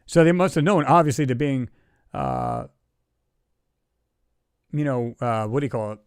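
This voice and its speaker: A man's voice: medium pitch, wildly swooping pitch, measured pace, clear, resonant tone, no room sound, studio quality. A man hosting a casual livestream chat, talking in a loose, rambling way and reading viewer comments aloud. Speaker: livestream host.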